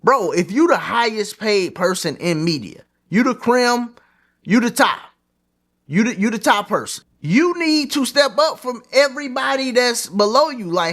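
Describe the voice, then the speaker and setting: A man hosting his own sports commentary channel, giving his opinions in animated, slangy, casual talk. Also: very high voice, a little slow.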